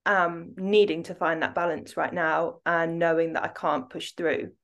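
Candid woman coach, lowish voice. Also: fairly even intonation, measured pace, a bit bright. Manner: candid, laughs easily. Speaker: podcast co-host coach. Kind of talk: casual podcast chat.

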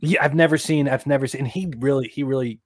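A man's voice: mid-range voice, fast talker, a little mellow, dry recording, clean studio sound. Rambling man in casual chat. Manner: rambling, full of "like" and "you know", laughs along. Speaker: podcast co-host. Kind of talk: casual chat reviewing a TV episode.

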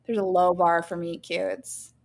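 A woman's voice: fairly low pitch, level tone, measured pace, vocal fry, a little mellow. A woman in her twenties co-hosting a podcast, trading blunt, teasing wisecracks in casual chat. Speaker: podcast co-host.

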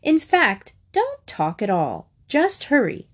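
A woman voicing an exasperated mother who hurries her children along in a sharp, hurried voice. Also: medium pitch, animated, close to an everyday voice. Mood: brisk.

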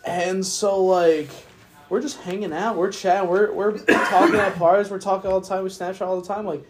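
A man's voice: high voice, little pitch movement, normal speed, background noise. Rambling, drunk young man telling a story. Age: young adult. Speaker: podcast host. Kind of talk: casual chat.

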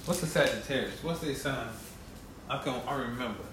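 A chatty speaker pushes back in a teasing, argumentative way and keeps cutting in to be heard. The voice is mid-pitched. The room is echoey, with a faint hum of noise underneath. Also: fairly quick. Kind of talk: casual chat.

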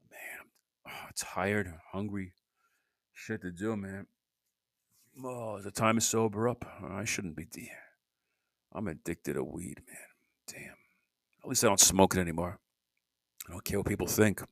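A man's voice: on the low side, fairly bright tone, dry recording. A man hosting his own solo podcast, rambling in a loose monologue, restarting sentences and grumbling in asides. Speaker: podcast host.

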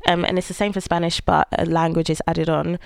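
A woman's voice: fairly low pitch, fairly quick, creaky, dry recording. A woman in her twenties, a student guest chatting casually and teasing the host. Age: 20s. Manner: relaxed, teasing, laughs easily. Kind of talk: casual podcast chat. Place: Manchester.

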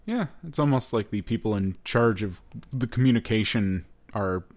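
Low-voiced wry podcast co-host man. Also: animated, moderate pace, a little mellow. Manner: wry, joking asides. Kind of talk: casual chat.

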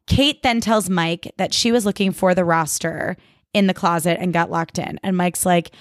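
A woman's voice: fairly low pitch, normal speed, dry recording, studio quality. A woman hosting a podcast, recapping a TV episode in casual chat, swearing freely and saying "like" a lot. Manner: chatty, swears freely, lots of "like". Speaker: podcast host.

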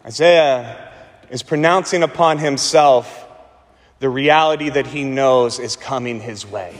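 A man preaching a sermon as pastor, slowing and repeating words for emphasis, with dramatic pauses. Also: medium pitch, long reverb tail.

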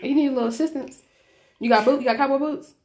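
A woman co-hosting a podcast in casual chat, animated and playful, swearing freely. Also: sits high, fast. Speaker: podcast co-host.

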